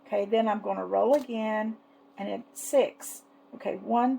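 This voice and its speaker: A woman chatting casually as she shows off her savings challenges, fond and unhurried, with lots of little fillers. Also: mid-range voice, steady tone, gravelly, warm tone, breathy edge, poor audio. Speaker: savings challenge seller and vlogger. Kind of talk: casual product show-and-tell.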